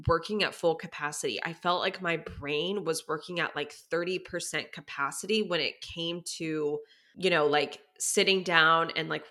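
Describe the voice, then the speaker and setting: A woman's voice: low voice, sharp tone. A young woman hosting her own podcast, talking candidly and chattily with many "like"s, near tears at times. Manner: chatty, says "like" very often, emotional and teary at times. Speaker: podcast host. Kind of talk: candid personal talk.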